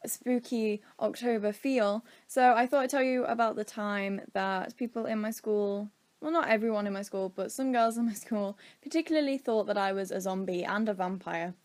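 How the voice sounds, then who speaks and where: A woman's voice: fairly high pitch, a little mellow. A young British woman casually telling a rambling story time, acting out quotes from her childhood. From Britain. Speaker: vlogger.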